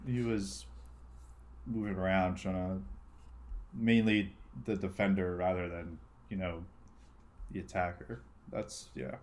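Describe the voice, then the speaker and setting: A man co-hosting a casual sports chat, relaxed and hesitant, often trailing off mid-thought. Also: low-pitched, measured pace, long pauses. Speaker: co-host.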